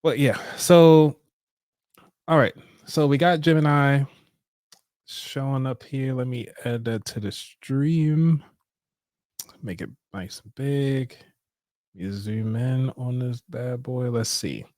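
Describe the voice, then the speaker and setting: A man's voice: mid-range voice, slow, pauses often, darkish tone, no echo, clean studio sound. A man hosting a live show, talking casually and upbeat, breaking into laughter often. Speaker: show host. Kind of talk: casual live-stream talk.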